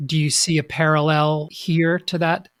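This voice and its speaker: A podcast co-host talking calmly and reading a listener's letter aloud. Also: medium pitch, measured pace, no echo, studio quality.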